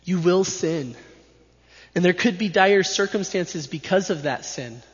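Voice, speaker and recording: A man's voice: high-pitched, a little slow. Man preaching in an echoing hall. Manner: emphatic, repetitive preaching cadence. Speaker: pastor. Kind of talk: sermon. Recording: dull sound with long hall reverb.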